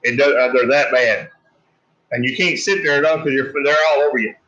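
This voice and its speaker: A man's voice: mid-range voice, a little fast, bright, forceful tone. Plain-spoken Louisiana man, muffled audio. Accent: Louisiana Southern. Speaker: homestead channel co-host. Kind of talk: casual livestream chat.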